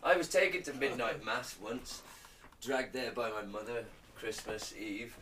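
Swearing podcast joker. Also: male voice, medium pitch, measured pace, distant mic. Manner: swearing, jokey, dry asides. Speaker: podcast co-host. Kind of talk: casual chat. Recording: faint noise, off-mic.

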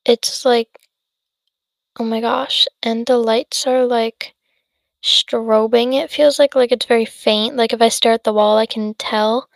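Teen girl just turned 18, rambling podcast chat, tired and yawny, kinda high voice. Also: steady tone, unhurried, gravelly, no room sound. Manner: rambling, lots of fillers and self-interruptions. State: tired, yawning. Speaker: podcast host. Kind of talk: casual solo podcast chat.

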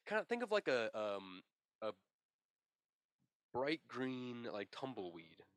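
A man's voice: medium pitch, sing-song, slow, no room sound. A man co-hosting a casual comedy podcast, rambling and spinning absurd tall tales with a straight face. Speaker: podcast co-host.

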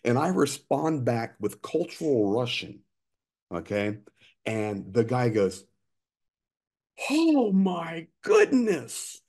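A man in his fifties, an interview guest telling lively anecdotes with frequent restarts. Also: mid-range voice, slow. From United States. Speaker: interview guest, aid worker. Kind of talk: conversational storytelling.

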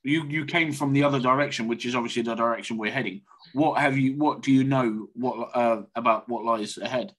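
A man playing a tabletop game, joking and asking his questions in halting restarts. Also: medium pitch, fairly bright tone. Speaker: player. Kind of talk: casual chat at a tabletop game.

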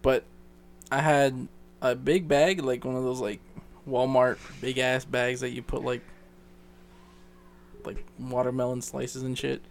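A young man co-hosting a casual podcast, telling a story with lots of swearing and high squeaky jumps when he quotes people. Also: unhurried, vocal fry, long pauses, slight background noise. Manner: swearing, animated, leaps to a squeaky pitch when quoting others. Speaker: podcast co-host.

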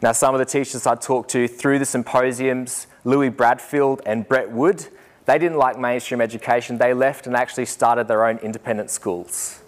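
A man's voice: medium pitch, fairly even intonation, normal speed. A young Australian man, a teacher giving a talk to an audience, telling a story with humor and acting out the voices he quotes.

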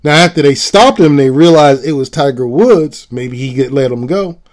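A man's voice: mid-range voice, moderate pace. A man hosting a show, delivering a blunt, profane commentary monologue with heavy emphasis. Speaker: show host.

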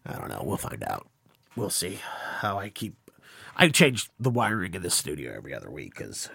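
A man's voice: deep voice, wildly swooping pitch, moderate pace, vocal fry, pushed and bright, slightly rough, dry recording, studio quality. A man hosting a podcast interview in casual chat, rambling in a self-conscious, apologetic way. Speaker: podcast host.

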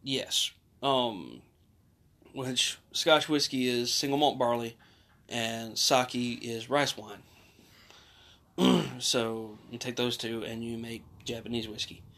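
A man's voice: mid-range voice, fairly even intonation, slow, sharp tone. A man in casual chat, explaining drinks patiently with many fillers and restarts.

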